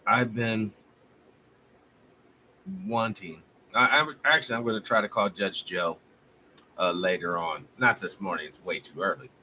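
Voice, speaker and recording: A man hosting a live stream, giving a fiery, profane, preacher-like monologue that swings between loud outbursts and low muttering. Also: a little slow, long pauses, slight background noise.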